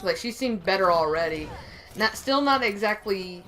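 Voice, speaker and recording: A young woman co-hosting a gaming stream, telling rambling, animated stories with lots of laughter. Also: medium pitch, normal speed, rough recording. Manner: rambling, animated storyteller who laughs often. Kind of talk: casual chat over gameplay.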